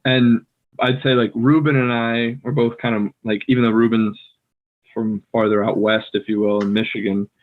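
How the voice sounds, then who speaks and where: A man's voice: mid-range voice, normal speed. American man on a tinny call line. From United States. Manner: relaxed, filler-heavy, playfully mimics others. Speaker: podcast co-host, English native speaker. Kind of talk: casual language-learning chat. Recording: tinny phone-like call audio.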